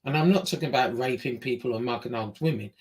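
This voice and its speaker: English woman, casual storyteller; blunt, swears, acts out the dialogue with lively pitch jumps. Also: fast. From England.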